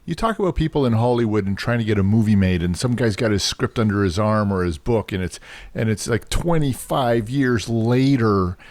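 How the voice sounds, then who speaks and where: A man's voice: lowish voice, moderate pace, a little mellow. A man hosting a casual chat, talking in a rambling way with restarts. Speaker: show host.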